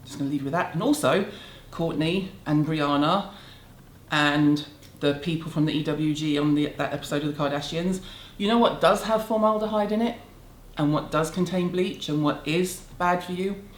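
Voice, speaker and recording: In a low voice at a moderate pace, a British middle-aged beauty vlogger sarcastically and bluntly rants to the camera in a relaxed video. It's recorded in a room of her city home, with noticeable roomy echo.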